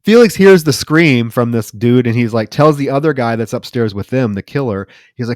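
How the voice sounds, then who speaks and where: A man's voice: medium pitch, normal speed, hardly any pauses, no room sound. A man co-hosting a podcast, casually retelling a horror movie's plot with lots of swearing and quoted lines. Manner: profane, animated retelling with quoted voices. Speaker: podcast co-host.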